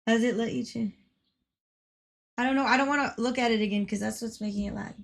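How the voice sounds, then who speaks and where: A woman's voice: a little high, steady tone, fast talker, creaky. A woman livestreaming in a casual, playful way, giggling and swearing now and then as she chats.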